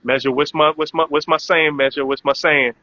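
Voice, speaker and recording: A man's voice: on the high side, steady tone, a little fast, bright, forceful tone, no echo. A man hosting a casual live-stream chat, loose and promotional, with many filler words. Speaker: host. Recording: dull lo-fi audio.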